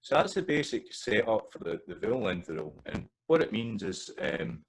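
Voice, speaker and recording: Low gravelly Scottish man teaching. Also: big pitch swings, fairly quick, slight background noise, poor audio. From Scotland. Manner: demonstrates vowel sounds by repeating words, loose and hesitant between examples. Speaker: language teacher. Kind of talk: recorded slide lesson on pronunciation.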